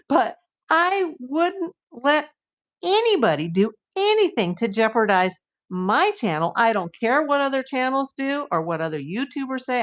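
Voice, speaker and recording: Blunt, frank woman hosting a livestream. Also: on the high side. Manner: blunt and frank, acts out what commenters say; laughs easily between points. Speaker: livestream host. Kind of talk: casual livestream chat.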